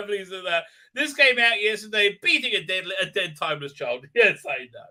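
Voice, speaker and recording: A man's voice: high-pitched, very animated, moderate pace, sharp tone. A man hosting a live stream, chatting casually in a rambling, sarcastic and self-mockingly grumpy way, swearing freely.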